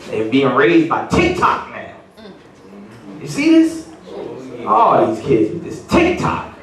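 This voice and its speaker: A middle-aged male comedian tells stories to a party crowd, and his pitch jumps around with animated energy. He is picked up from a distance in a roomy, echoing venue, with a faint hum of background noise. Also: slow pace. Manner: animated storytelling with voiced quotes. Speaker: stand-up comedian. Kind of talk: stand-up comedy set. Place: party venue with live audience. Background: audience laughter.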